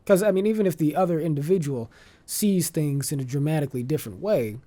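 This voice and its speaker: Guy on a podcast talking politics, mellow warm voice, really measured, long winding sentences. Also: fairly high pitch. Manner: occasional restarts while searching for phrasing. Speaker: podcast guest. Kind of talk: conversational interview.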